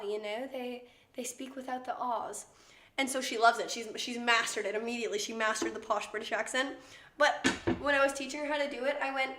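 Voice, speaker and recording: Chatty young woman streamer, slightly high voice, roomy kitchen sound. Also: steady tone, a little fast, a bit bright. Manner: chatty, laughing, swears freely. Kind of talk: casual chat while cooking. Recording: echoey room.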